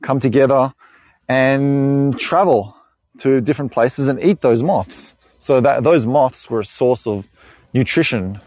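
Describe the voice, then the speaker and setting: An Australian man guides live viewers on a bush walk outdoors, rambling, joking and laughing often. His medium-pitched voice is a little mellow and moves at a measured pace, recorded dry.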